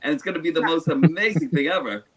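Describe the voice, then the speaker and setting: A man chatting as a guest on a livestream, excitable, playful and full of exclamations, over a video call. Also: on the high side, fast talker, breathy edge. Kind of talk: casual chat.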